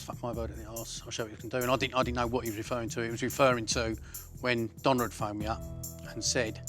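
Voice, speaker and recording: A man's voice: mid-range voice, fairly bright tone. A man, recounting a violent episode in blunt, coarse words. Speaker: interviewee.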